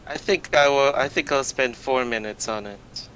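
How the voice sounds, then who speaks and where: A man's voice: mid-range voice, normal speed, a bit bright, a little hiss or hum, poor audio. A man playing a tabletop game, hesitantly thinking aloud as he works out his moves. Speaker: player. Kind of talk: casual tabletop game play.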